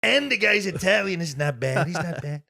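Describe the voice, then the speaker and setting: A man's voice: high-pitched, lively intonation, brisk, vocal fry, sharp tone, heavily acted. A Scottish man doing an impression of a boastful older American tycoon-politician who brags in repeated superlatives.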